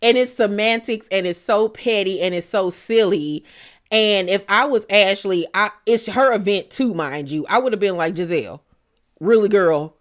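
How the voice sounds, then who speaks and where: A woman's voice: mid-range voice, moderate pace. A woman, hosting a casual reality TV recap and gossiping animatedly as she acts out the cast's lines.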